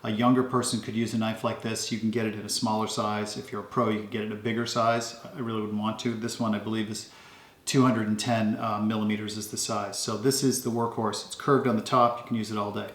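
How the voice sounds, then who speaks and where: A man casually showing off his kitchen knives at home, talking in a relaxed, rambling way with lots of ums. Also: on the low side, quick pace, echoey room. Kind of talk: casual show-and-tell.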